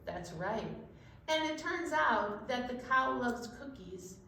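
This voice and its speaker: Woman, storytime leader, sings to kids, slow and cheery, slightly high voice, distant mic in a roomy hall. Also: expressive, pushed and bright, slight background noise. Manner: cheery, sing-song, slow and clear for children. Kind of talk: children's storytime with sung songs. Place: library program room. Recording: echoey room, voice far from mic.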